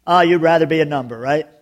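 A man preaching a sermon as pastor, telling jokes and stories in an animated way. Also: a little high, fairly quick. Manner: joking, animated storytelling with laughs.

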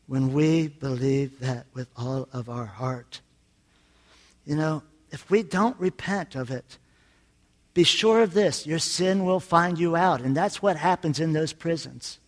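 A man preaching a sermon in a folksy way, telling jokes and moving from soft, confiding lines to loud, emphatic ones. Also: on the high side, unhurried. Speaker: pastor.

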